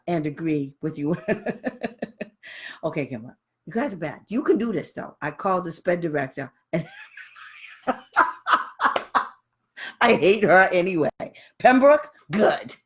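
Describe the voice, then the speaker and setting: A woman leading a live online training for parents, blunt and sassy, laughing often as she talks. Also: lowish voice. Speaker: special education advocate and trainer.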